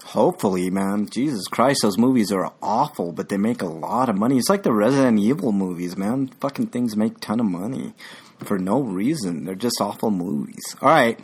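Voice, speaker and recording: A man's voice: on the low side, lively intonation, moderate pace, breathy edge. A man hosting a casual podcast chat, laid-back and sighing, reading out chat comments and swearing freely. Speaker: podcast host.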